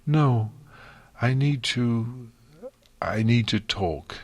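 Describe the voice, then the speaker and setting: A man's voice: mid-range voice, darkish tone, husky, no room sound, pitched above the performer's own voice. A man reading an audiobook, voicing a frightened, tearful young female unicorn who whimpers and stammers. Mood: shaken. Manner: whimpering, sniffling, halting.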